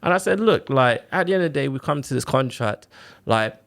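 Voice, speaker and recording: A man, telling his own story on a podcast in a casual, animated way, full of quoted back-and-forth and fillers like "like" and "innit". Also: medium pitch, a little fast, vocal fry. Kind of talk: casual chat, personal story.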